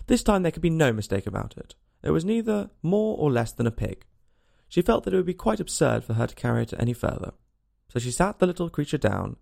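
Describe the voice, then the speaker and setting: Very gravelly man reading a storybook. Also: medium pitch. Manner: expressive, lilting storytelling. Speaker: narrator.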